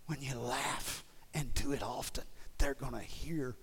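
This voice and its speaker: Guy preaching, goes quiet and whispery then gets loud and fired up, repeats himself a lot, normal pitch. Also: animated, a little slow, hardly any pauses, a little hiss or hum. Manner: swings from hushed whispers to loud fervent exhortation; repeats phrases, stammers on restarts. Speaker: pastor. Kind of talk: sermon.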